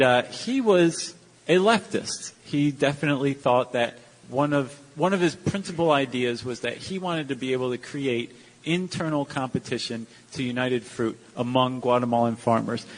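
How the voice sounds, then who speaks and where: Guy cohosting a live podcast show, jokey quick asides, big hall reverb. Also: medium pitch. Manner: joking, chatty, quick asides. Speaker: podcast co-host. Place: large live venue with audience.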